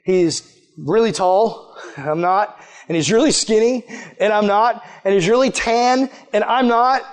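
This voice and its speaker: A man's voice: sits high, measured pace. A man preaching a casual sermon to young people, enthusiastic and chatty, often saying "like" and "man". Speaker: youth pastor.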